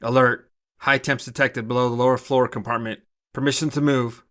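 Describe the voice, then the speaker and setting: A man's voice: mid-range voice, fairly even intonation, normal speed, a bit bright, natural voice. A man reading a short story, voicing a mech's robotic computer voice with clipped alert announcements. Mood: alarm announcements.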